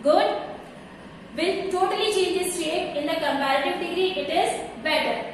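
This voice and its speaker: A woman with a Pakistani accent teaching English grammar, spelling out letters and repeating her examples slowly. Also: very high voice, slight background noise. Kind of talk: recorded classroom lesson. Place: classroom. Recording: echoey room, far from the mic.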